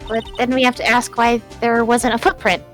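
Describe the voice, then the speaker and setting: A woman voicing a flustered elderly male judge, reading game lines in a high, wavering put-on voice. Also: flat delivery, moderate pace, fairly bright tone, faint music behind, close to an everyday voice. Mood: fussy. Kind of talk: reading game dialogue aloud.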